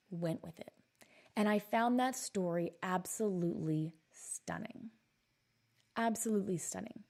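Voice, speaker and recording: A woman in her thirties, a coach and podcast host, telling a story in a blunt, animated monologue and swearing for emphasis. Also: a little high.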